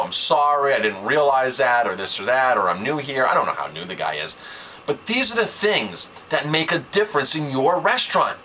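A man's voice: on the high side, sharp tone, slight background noise, low-quality recording. A man who runs a restaurant, talking to camera with business advice in a conversational, emphatic way, repeating key phrases. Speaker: restaurant owner and chef.

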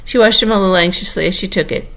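A woman narrating a classic children's storybook as an audiobook, in a lively storytelling manner. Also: medium pitch, rapid-fire. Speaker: audiobook reader.

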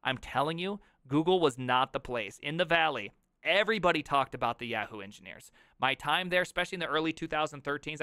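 A man in his thirties reacting to an article on a live stream, reading aloud and riffing with jokey, loud outbursts. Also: fairly high pitch, dry recording, studio quality. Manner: animated, jokey, reads aloud then riffs with loud outbursts.

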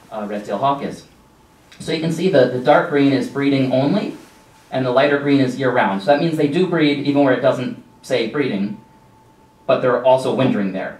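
A man gives a relaxed, rambling slideshow lecture on nature to a live audience. His mid-pitched voice is full of ums and offhand asides. It is picked up from across the room, with a roomy echo around it. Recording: echoey room from a distance.

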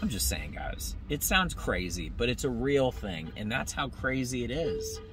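Animated man ranting in a noisy car. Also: medium pitch, unhurried. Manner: animated, tangent-prone, talks straight to viewers. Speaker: comedian. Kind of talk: rambling comedic rant.

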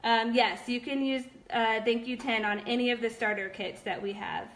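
A woman's voice: a little high, fairly even intonation, moderate pace, a bit bright, a little hiss or hum. A young woman hosting a casual live stream, reading viewer comments aloud with many fillers. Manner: chatty, upbeat, many fillers. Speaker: live-stream host of a nail product shop.

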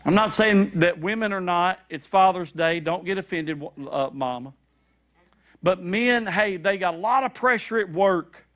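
A man preaching a sermon, animated and repetitive, with shouted high-pitched acted quotes, in a church. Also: a little slow. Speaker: pastor. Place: church sanctuary.

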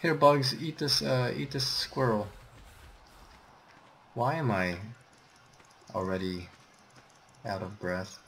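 A low-pitched man with a gravelly, creaky edge talks through a co-op game session. He reacts nervously and jumpily to every threat. A faint hiss sits under his voice. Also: lively intonation, slow, pauses often, a bit bright. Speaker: gamer. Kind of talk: casual co-op gameplay chat.

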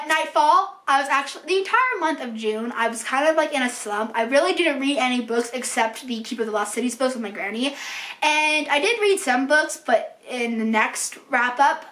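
High bright young woman rambling about books, lots of likes and ums, echoey room. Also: animated, normal speed. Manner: gushing and chatty, with lots of fillers. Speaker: book vlogger. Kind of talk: casual chat.

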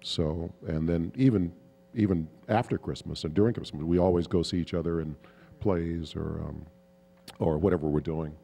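A man's voice: deep voice, normal speed, vocal fry, big-room sound, slight background noise. A man, a guest actor at a convention panel, telling stories loosely with chuckles and fillers. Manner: relaxed, chuckling, rambling with fillers. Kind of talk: anecdotal storytelling at a Q&A.

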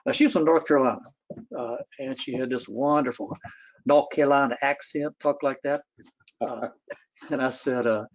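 A man speaking as a historian at a public talk, thoughtful and storytelling, with many pauses and fillers. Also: mid-range voice, lo-fi sound.

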